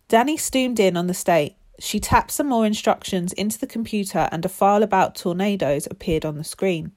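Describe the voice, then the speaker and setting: A woman narrating a children's chapter book aloud in a steady, clear way. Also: medium pitch, fairly quick, hardly any pauses.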